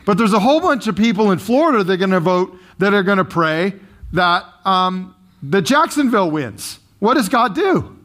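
Lively, joking male pastor preaching. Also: high-pitched, moderate pace. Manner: lively, conversational, joking with the congregation. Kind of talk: sermon.

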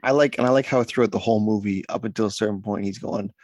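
A man talking casually with a friend about films, his voice a little husky. He is animated and slips into quoted lines as he talks. The sound is dry and close, with no room in it. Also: lowish voice, fast, few pauses, no room sound. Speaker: podcast co-host. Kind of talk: casual chat.

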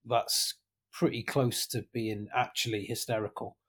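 A man's voice: mid-range voice, level tone, a little slow, a bit bright, husky. A man on a film-panel podcast, speaking earnestly and choosing his words with care. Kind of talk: casual film-panel chat.

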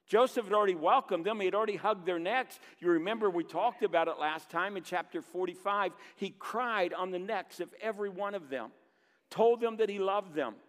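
A man preaching a sermon as pastor, reading scripture and pausing for emphasis. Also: high voice, a bit bright, long reverb tail. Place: church sanctuary.

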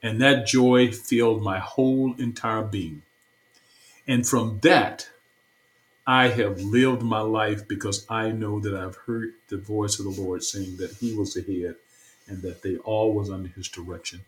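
Low-pitched man, earnest, repetitive storytelling, church leader being interviewed. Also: fairly even intonation, a little slow, low-quality recording. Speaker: stake president, interview guest. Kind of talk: personal testimony in an interview.

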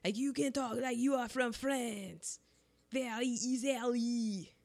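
A woman co-hosts a casual chat about films, speaking emphatically and slowly with vocal fry, her pitch jumping up whenever she gets excited.

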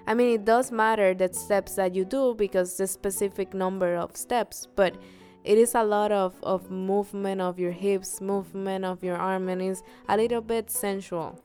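A woman co-hosting a casual podcast chat, relaxed and quick to laugh, with faint music behind. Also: medium pitch. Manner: relaxed, laughs easily, counts steps out. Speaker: podcast co-host. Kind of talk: casual chat about dancing.

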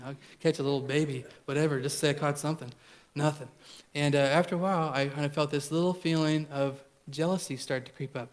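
A middle-aged man preaching a sermon as pastor, blunt and conversational, telling stories with emphatic repetition. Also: a little high.

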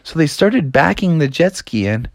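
A man's voice: on the high side, moderate pace, creaky, no echo. A man telling a read-along children's story with a bouncy, sing-song rise and fall. His delivery is laid-back and playful, recorded close with a dry sound. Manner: casual, lively, playful.

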